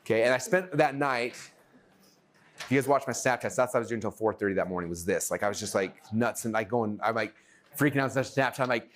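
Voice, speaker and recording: A man teaching a live workshop to an audience, energetic and excitable, acting out his own thoughts as he goes. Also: medium pitch, quick pace, a little hiss or hum.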